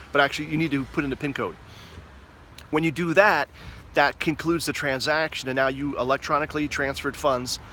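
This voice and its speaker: A man's voice: medium pitch, slight background noise. A middle-aged American man telling a story to camera in a casual, profane way, acting out both sides of a conversation. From United States. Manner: animated, profane, acts out both sides of dialogue. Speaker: vlogger.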